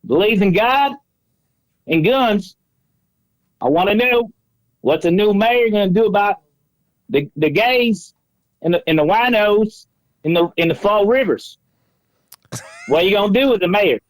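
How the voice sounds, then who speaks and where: A man's voice: high-pitched, quick pace, hardly any pauses, fairly bright tone, no room sound. A man putting on a fake Southern troll caller. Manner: trolling, put-on Southern drawl. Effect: voice changer. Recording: phone call.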